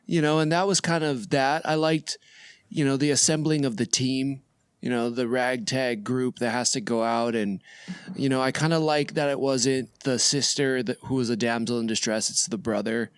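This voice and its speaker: A man's voice: medium pitch, fairly even intonation, normal speed, clean tone, no echo. Laid-back thirties guy joking around on a podcast, dry mic. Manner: easygoing, joking. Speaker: podcast co-host. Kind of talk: casual chat.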